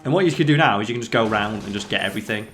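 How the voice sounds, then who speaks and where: A man hosting a let's play, chatting excitedly over gameplay, swearing freely and quizzing his co-player. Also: fairly low pitch, rapid-fire, faint music behind. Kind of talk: casual gameplay commentary.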